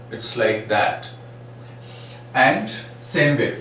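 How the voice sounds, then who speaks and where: A man teaching a phonetics lesson, repeating example words slowly and asking "right?" often. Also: medium pitch, expressive, a bit bright. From India. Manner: frequent "right?" and "uh, say" fillers. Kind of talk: phonetics lecture. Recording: echoey room, mic at a distance, faint noise.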